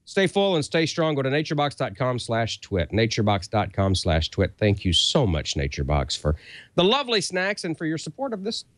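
A man's voice: medium pitch, huge pitch swings, fairly quick, no room sound. A middle-aged man co-hosting a show, doing a jokey, self-mocking ad read in casual talk. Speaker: co-host reading an ad.

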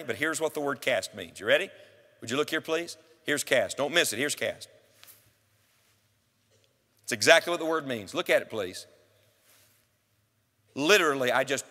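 Emphatic preacher in a reverberant church. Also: male voice, fairly high pitch, bright, forceful tone. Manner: emphatic, asks the congregation questions directly. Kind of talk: sermon. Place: church sanctuary.

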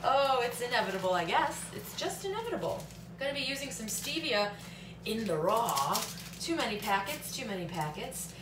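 A chatty woman in her thirties talks to a tripod camera in her kitchen, joking and now and then singing a silly line. Her voice sits a little high. The room rings with echo, and a faint hum hangs underneath. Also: animated, normal speed. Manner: chatty, jokey, breaks into silly sung bits. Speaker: vlogger. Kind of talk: casual vlog chat. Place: home kitchen.

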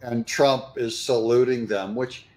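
A man giving sarcastic, animated reaction commentary on news clips. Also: mid-range voice, a little slow. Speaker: political commentator.

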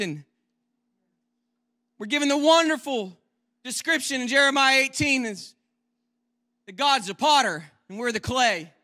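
A guest preacher delivers a sermon from a church pulpit, his very high voice ringing out with impassioned fervor that swells into shouts. Now and then he drops into quick, quiet joking asides. His tone is bright and cutting all the way through.

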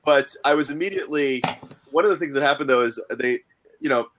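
A man's voice: fairly high pitch, fast talker, noisy background. A man with a Southern accent, a podcaster on a panel, telling a self-deprecating story. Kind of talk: anecdotal storytelling.

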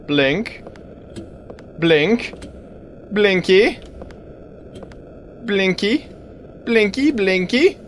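A man doing let's-play commentary, talking to the game and bursting into exclamations. His voice sits a little high and swings widely, while he takes his time with the words. A faint hiss runs underneath. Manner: animated, talks to game objects, sudden exclamations. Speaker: gaming video creator.

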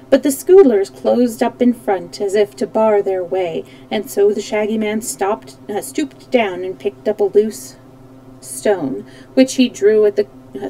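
A woman with a mellow, medium-pitched voice reads a children's storybook aloud, giving the characters lively voices and fixing small slips along the way. She's captured on a streaming microphone, and the recording sounds rough.

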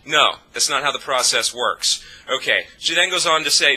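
A man's voice: mid-range voice, lively intonation, moderate pace, hardly any pauses, pushed and bright, husky, rough recording. A man vlogging a profane, scornful rant of political commentary. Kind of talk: ranting commentary.

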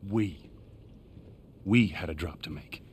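A gruff tired middle-aged smuggler in a game, husky, kinda low, dry and terse. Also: male voice, slow pace, exaggerated voice. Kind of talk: video game voice acting.

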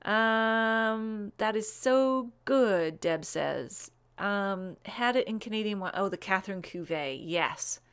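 A woman's voice: medium pitch, animated, a bit bright, clear, resonant tone. Woman, live-stream host, bubbly casual chat, frequent ums, rattles off wine names and tasting notes. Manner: chatty and bubbly, with frequent "um"s and quick asides.

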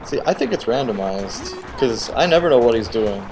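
A man giving casual, excitable commentary while playing a video game, cheering on the character and guessing at the boss's moves. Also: medium pitch, moderate pace, background noise. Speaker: let's play host.

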